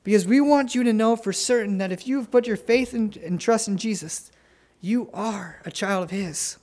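A man preaching an earnest sermon, telling family stories and pleading gently with listeners to come to faith. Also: sits high. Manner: earnest, pleading, tender pauses. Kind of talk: sermon with altar call.

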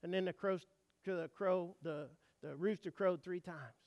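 Delivering a sermon in an unhurried, high-pitched voice, a man shares folksy stories and poses questions to the congregation, moving between quiet asides and loud bursts of emphasis. The recording is dry and lo-fi.

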